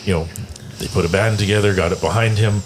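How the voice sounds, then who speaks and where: Man, very low voice, rambling storyteller on a music chat show, faint background hiss. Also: fairly even intonation, fast. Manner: rambling storyteller with many fillers. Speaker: podcast co-host. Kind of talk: casual roundtable chat.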